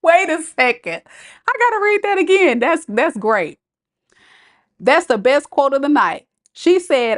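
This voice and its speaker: This high-pitched woman speaks a little slowly, her pitch swinging widely. She's a tarot reader on a live stream, chatty, reading the chat aloud and frequently breaking into laughter.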